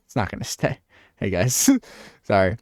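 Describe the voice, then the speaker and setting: A man with a lowish voice and measured pace hosts a talk show, delivering a rambling comedic bit with animated acted-out scenes. The recording is studio quality with no echo.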